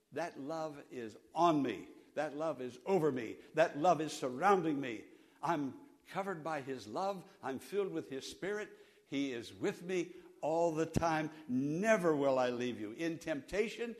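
A middle-aged pastor preaching a sermon, repeating lines and leading the congregation in call-and-response, swinging from loud emphasis to soft, low passages. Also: male voice.

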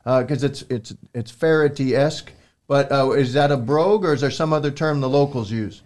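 A man's voice: medium pitch, normal speed, a little mellow. A man hosting a sports podcast, asking questions in a jokey, rambling, self-deprecating way. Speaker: podcast host. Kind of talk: casual podcast chat.

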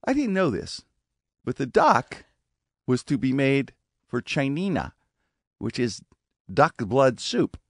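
Animated male storyteller, dry studio. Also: mid-range voice, takes it slowly, long pauses, dry recording. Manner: animated, acts out family voices. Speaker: radio show guest. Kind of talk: casual storytelling. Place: radio studio.

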